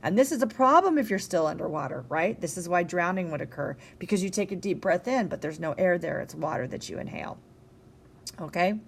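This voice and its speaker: A tired young woman teacher talks through a recorded science lecture in a casual, chatty way. Her voice sits a little low, and she keeps checking in with her listeners. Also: expressive, a little fast, vocal fry, breathy edge. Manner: casual, conversational, with many ums and rhetorical "okay?". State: tired, yawning.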